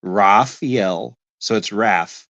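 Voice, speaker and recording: A man's voice: lowish voice, extremely slow, a bit bright, dry recording, lo-fi sound. A man co-hosting a movie-review podcast, chatting casually in a dry, matter-of-fact, nitpicking way. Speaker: podcast co-host.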